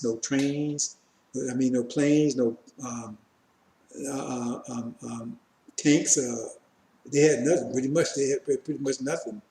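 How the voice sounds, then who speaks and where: Male street preacher with a high, mellow voice who hammers points through repetition; roomy echo. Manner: repetitive, emphatic, addresses listeners as brothers. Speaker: preacher teaching scripture. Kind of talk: fiery street-style sermon.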